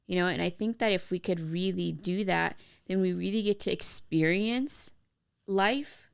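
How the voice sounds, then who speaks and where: A woman with a heavily gravelly yet smooth, resonant voice, pitched a little low. She co-hosts a casual faith-based podcast chat and talks in a rambling way, full of fillers and restarts. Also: a little slow. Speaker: podcast co-host.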